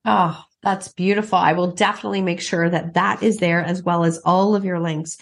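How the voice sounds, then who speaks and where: Low, creaky-voiced woman podcast host. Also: fairly even intonation, normal speed. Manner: enthusiastic and affirming. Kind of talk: casual interview.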